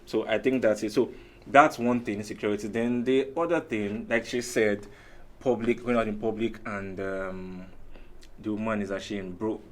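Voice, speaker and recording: A man's voice: lowish voice, normal speed. A man, a guest on a casual talk show, speaking animatedly and acting out the lines he quotes. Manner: animated, acts out quoted lines, repeats himself. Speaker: guest panelist. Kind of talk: casual panel chat.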